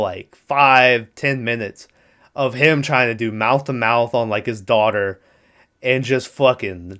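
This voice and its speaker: Swearing animated young man retelling a film. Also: medium pitch. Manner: animated retelling, acts out quotes, swears freely. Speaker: podcast host recapping a movie. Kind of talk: casual chat.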